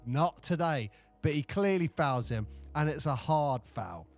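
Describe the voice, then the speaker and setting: A man co-hosting a podcast, telling stories in a rambling, animated way with many restarts. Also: on the high side, a little slow, soft background music. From United Kingdom. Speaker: podcast co-host. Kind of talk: casual chat.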